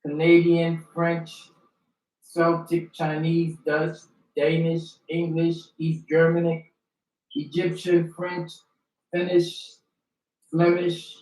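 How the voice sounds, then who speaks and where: A man reading a long list of dictionary terms one by one, slow and deliberate. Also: a little high, completely flat delivery, a little mellow. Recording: roomy sound from a distance.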